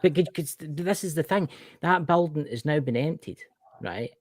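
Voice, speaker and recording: A man's voice: fairly high pitch, normal speed, no echo, studio quality. A man, co-hosting a casual online chat and telling stories in a blunt, emphatic way over a video call. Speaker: co-host. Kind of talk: casual chat on a live stream.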